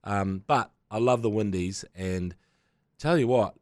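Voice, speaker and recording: A New man on a podcast panel chatting casually about sport, animated and swearing, often breaking into quoted voices. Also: on the low side, measured pace, no echo, clean studio sound.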